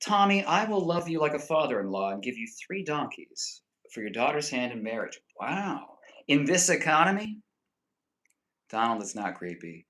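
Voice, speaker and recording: A young man chatting casually with his stream viewers and rambling through animated stories full of fillers. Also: on the high side, normal speed, poor audio. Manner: rambling, animated storytelling full of "like" and "you know".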